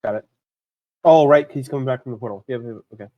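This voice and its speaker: A man's voice: mid-range voice, fast, no echo, highs cut off. A man playing a tabletop game, chatting with laughs and swearing. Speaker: player.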